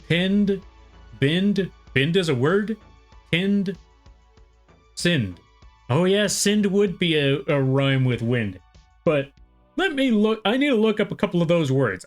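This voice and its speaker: A young American man chatting casually with his viewers during a live drawing stream, rambling and poking fun at himself. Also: on the high side. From United States. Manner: rambling, self-deprecating, chats with viewers. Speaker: art streamer.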